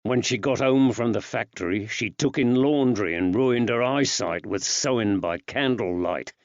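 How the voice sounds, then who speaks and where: A man reading an audiobook as the narrator, in a measured, expressive way. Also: medium pitch, no room sound. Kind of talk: scripted narration. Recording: dry, slightly dull recording.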